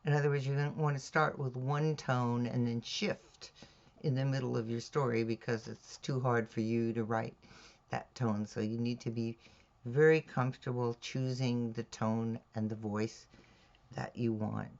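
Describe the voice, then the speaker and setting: Woman teaching mystery writing, slow steady delivery, kinda muffled lo-fi sound. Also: extremely low pitch. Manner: measured, deliberate, with "all right?" check-ins. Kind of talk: instructional talk on writing craft. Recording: dull lo-fi recording.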